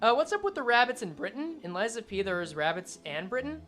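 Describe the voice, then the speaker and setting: A woman gaming streamer with a lively, jumping voice, reading scenes aloud between casual, foul-mouthed jokes. Soft background music runs under her talk. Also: a little high. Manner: casual, swearing, quick jokes. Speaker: game streamer. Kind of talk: let's play commentary and reading game text.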